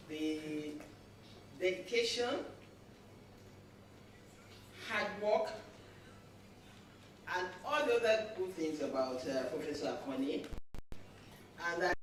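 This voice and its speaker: A Nigerian woman giving a measured tribute to a colleague, pausing often with fillers. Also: fairly low pitch. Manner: measured, halting, with many pauses and fillers. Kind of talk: formal tribute speech. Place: large echoey lecture hall. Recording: echoey hall, distant mic, faint noise.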